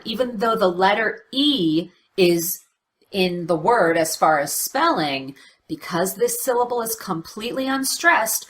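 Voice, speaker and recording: A woman teaching pronunciation, explaining clearly and demonstrating words aloud. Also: mid-range voice, a bit bright. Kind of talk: instructional explanation.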